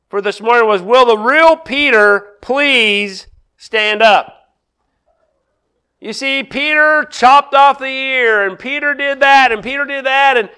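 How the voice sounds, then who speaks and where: A middle-aged male pastor preaching a sermon, acting out quoted lines with big swings in loudness. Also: extremely high pitch, clean tone.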